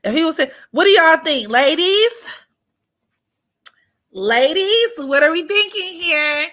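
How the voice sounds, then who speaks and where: A woman's voice: extremely high pitch, moderate pace, sharp tone. A woman hosting an astrology livestream, chatting casually and teasing with frequent laughter. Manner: playful, teasing, laughs often, drops to near-whisper.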